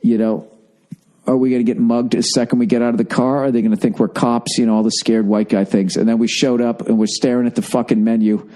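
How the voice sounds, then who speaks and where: Tired, rambling man with a mellow voice. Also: medium pitch, fast. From United States. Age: 40s. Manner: rambling, profane storytelling with lively acted-out quotes. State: lethargic, tired. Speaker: podcast host. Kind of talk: solo comedic monologue.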